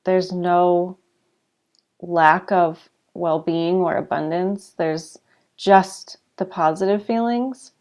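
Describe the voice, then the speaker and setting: Woman co-host, low voice, thoughtful and affirming in easy conversation. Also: fairly even intonation, slow, a little mellow. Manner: reflective, encouraging, lots of affirming murmurs. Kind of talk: casual chat.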